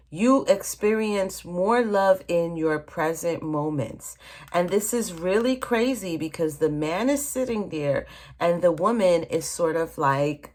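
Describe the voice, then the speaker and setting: A woman with a notably low voice talks her way through a tarot reading at a table. She speaks casually and directly to the listener, often checking in with "okay?" and calling them "honey". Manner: chatty, addresses viewer directly, frequent "okay?" and "honey". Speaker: tarot reader.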